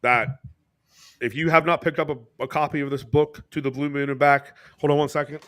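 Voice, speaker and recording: Brief: American podcast co-host, mid pitch, casual and animated, curses freely, goes high when quoting people. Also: male voice, brisk. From United States. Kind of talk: casual storytelling chat.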